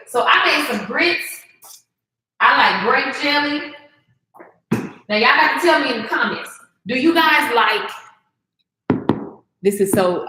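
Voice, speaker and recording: Cooking at home, this woman, a vlogger who also works as a business coach, keeps up easy chatter with her audience, tossing in Southern slang and plenty of y'alls. She speaks in a mid-range, fairly bright voice. There's some reverb and a little background noise on a low-quality recording.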